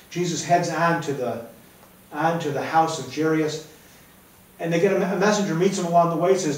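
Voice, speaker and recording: A man preaches a sermon in a conversational style, repeatedly checking in with "right?", his voice fairly high at a moderate pace with frequent pauses. The room is very echoey and the mic sits far from him.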